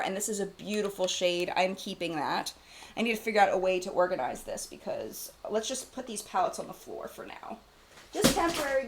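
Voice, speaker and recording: A woman hosting a casual live-stream chat about makeup, gushing and chatty, full of "like" and "oh my gosh". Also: mid-range voice. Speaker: beauty channel host.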